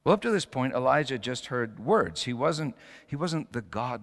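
Preacher, male, animated delivery, long hall reverb. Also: mid-range voice, normal speed. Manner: dramatic storytelling with rising emphatic peaks. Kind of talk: sermon.

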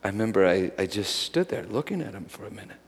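Preacher telling a story in a reverberant hall. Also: male voice, lowish voice, big pitch swings, fast talker, slightly rough. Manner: dramatic storytelling that turns soft and meditative. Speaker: pastor. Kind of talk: sermon storytelling.

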